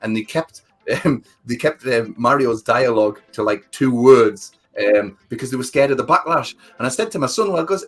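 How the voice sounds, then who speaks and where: Casting note: man, husky voice, rambling livestream co-host, faint music under him. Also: medium pitch, normal speed. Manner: rambling, animated storytelling, many fillers. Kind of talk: casual livestream chat.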